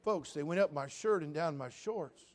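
A man, a pastor, telling a humorous personal story in a sermon and preaching directly to his congregation in a folksy, animated way. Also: a little high, normal speed.

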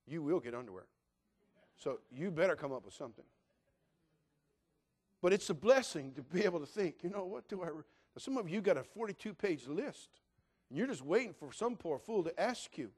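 An older man preaching a sermon in a church in an animated, joking, conversational way. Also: a little high. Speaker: pastor.

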